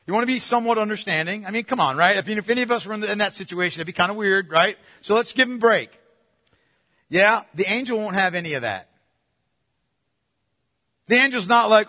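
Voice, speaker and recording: A man preaches with emphasis and keeps putting rhetorical questions to his congregation. His voice sits very high and rings bright. It carries a long reverb, like a large sanctuary. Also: expressive, quick pace. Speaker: pastor. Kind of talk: sermon.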